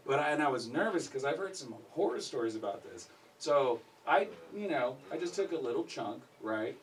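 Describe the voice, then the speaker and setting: A man doing a stand-up set in a comedy club, telling a story and acting out quotes loudly. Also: medium pitch, normal speed, a little hiss or hum. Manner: animated storyteller, acts out panicked quotes loudly. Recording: live club recording, slightly distant.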